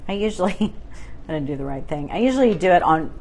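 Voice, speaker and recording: A woman's voice: fairly low pitch, expressive, fast talker, darkish tone, a little hiss or hum. A middle-aged woman, hosting a live painting tutorial and chatting casually as she works her brush. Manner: chatty, laughs often, talks through her brushwork. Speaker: craft painting host.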